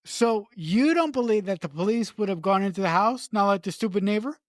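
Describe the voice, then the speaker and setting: A woman's voice: medium pitch, expressive, a little fast, no room sound, clean studio sound. A woman co-hosting a podcast, talking about a film in casual chat, swearing emphatically and stumbling over restarts when worked up. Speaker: podcast co-host.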